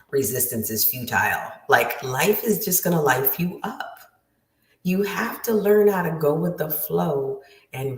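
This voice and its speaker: Low-voiced woman coach, echoey and distant. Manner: emphatic, repeats key phrases. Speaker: writing coach. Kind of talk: motivational teaching talk. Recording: roomy, distant from the mic.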